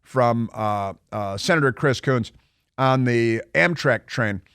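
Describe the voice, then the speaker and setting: A man's voice: medium pitch, takes it slowly, fairly bright tone, clear, resonant tone, no echo. A man hosting a talk radio show, delivering a combative, sarcastic monologue full of mocking rhetorical questions from a radio studio. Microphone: studio microphone.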